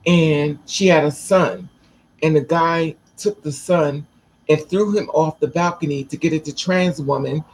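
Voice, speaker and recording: Husky, blunt-talking storyteller woman. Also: low voice, unhurried, rough recording. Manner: blunt, profane, animated storyteller. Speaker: vlogger. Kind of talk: casual storytelling to camera.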